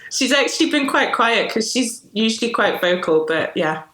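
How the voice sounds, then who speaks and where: A woman's voice: fairly high pitch, expressive, normal speed, fairly bright tone. A woman in her twenties, originally from Poland, is a guest on a podcast over a video call. She talks hesitantly and leans on fillers like sort of and you know. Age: 20s. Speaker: guest, illustrator. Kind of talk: casual interview chat. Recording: roomy home video call with faint noise.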